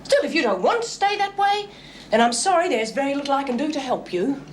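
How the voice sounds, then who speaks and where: A woman's voice: sits high, sing-song, quick pace, a little hiss or hum. An actress playing a firm, prim female probation officer.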